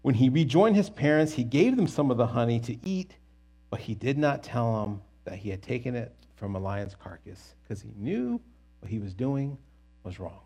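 A man teaching a Bible story in a casual, animated and jokey way, with quick asides and restarts. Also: medium pitch, husky.

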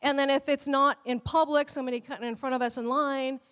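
A middle-aged woman pastor giving a sermon in an animated way, laughing often and acting out quotes in a high voice. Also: fast. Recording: long hall reverb.

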